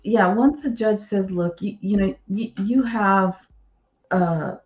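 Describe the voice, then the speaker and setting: A woman's voice: mid-range voice, takes it slowly, a little mellow, roomy sound, muffled recording, faint music behind. A woman co-hosting a podcast, bluntly explaining legal points in casual discussion.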